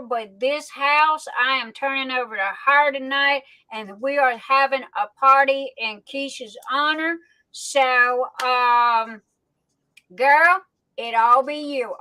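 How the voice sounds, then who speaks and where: Slow-talking high-voiced woman. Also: sharp tone, poor audio. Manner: chatty, affectionate, folksy Southern phrasing. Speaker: livestream host. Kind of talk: casual livestream chat.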